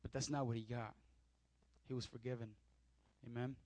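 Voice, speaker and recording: A man's voice: mid-range voice, flat delivery, moderate pace, darkish tone, no room sound. A male pastor preaching a sermon, reading scripture and explaining it to his congregation, repeating key points with emphasis.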